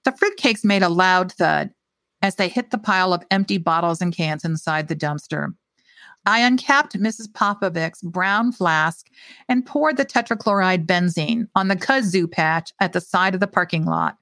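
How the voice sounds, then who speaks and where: A woman's voice: medium pitch, a bit bright, no room sound. A woman author reading her own short story aloud with expression, and chatting casually and hesitantly about it afterwards.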